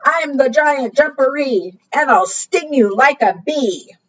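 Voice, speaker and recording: A woman voicing a boastful unseen creature in a burrow, chanting loud sing-song rhymes for a storybook. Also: high voice, expressive, takes it slowly, slight background noise, pitched above the performer's own voice. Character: boastful unseen giant creature in a burrow, actually a baby frog. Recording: dull distant recording.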